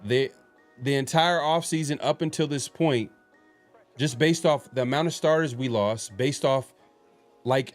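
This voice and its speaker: A man hosting a casual sports podcast, rambling with lots of fillers and restarts. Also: medium pitch. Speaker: podcast host.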